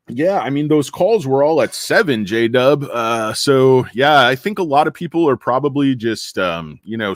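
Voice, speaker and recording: A man's voice: medium pitch, no echo. A middle-aged man hosting a casual livestream, tired and over-caffeinated, rambling and joking with the chat. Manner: rambling, joking, greets chatters. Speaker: livestream host.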